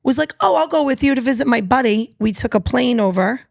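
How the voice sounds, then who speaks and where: A woman in her thirties hosting a casual podcast, talking in an energetic, chatty way. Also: on the high side, brisk, creaky, no echo, clean studio sound. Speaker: podcast host.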